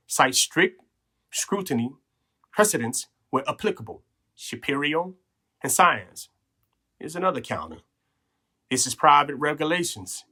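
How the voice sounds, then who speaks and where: A man's voice: mid-range voice, pushed and bright, slightly rough. A man hosting a podcast, explaining legal rights in an earnest coaching way, checking in with "okay?" and "right?", a little out of breath. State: slightly out of breath. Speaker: podcast host. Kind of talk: instructional talk on legal rights.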